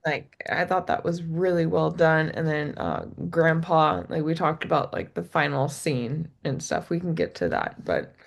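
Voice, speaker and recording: A woman in casual conversation who tells stories with animated energy and laughs often. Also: low voice, measured pace, vocal fry, few pauses. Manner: giggly, animated storytelling. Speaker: podcast guest. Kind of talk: casual chat.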